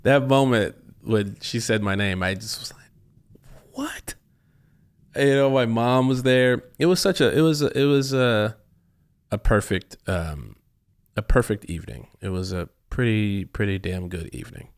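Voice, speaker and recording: A man's voice: on the low side, moderate pace. A man, an actor, chatting as a guest in a casual interview, telling stories animatedly and acting out his own reactions, with rambling restarts. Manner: rambling with frequent restarts and laughs.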